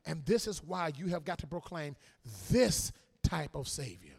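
Gravelly preacher man, shouting and dropping low. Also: expressive, unhurried. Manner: swings from shouted sing-song preaching to quiet asides. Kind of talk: sermon.

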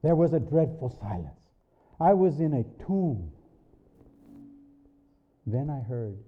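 A man giving a spoken religious testimony, slow and measured, his voice swinging up and down with emotion. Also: medium pitch, very animated, breathy edge. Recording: dull lo-fi recording.

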